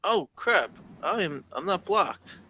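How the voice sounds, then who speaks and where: A man's voice: high-pitched, lively intonation, slow pace, bright, forceful tone, breathy edge. A man co-hosting a casual talk show, laid-back with brief replies. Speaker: co-host. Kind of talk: casual chat.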